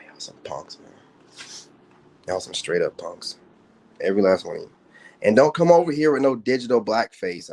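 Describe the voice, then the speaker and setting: A man rants on his livestream, taunting, trash-talking and boasting in slangy, profane language. His voice sits on the low side with a darkish tone.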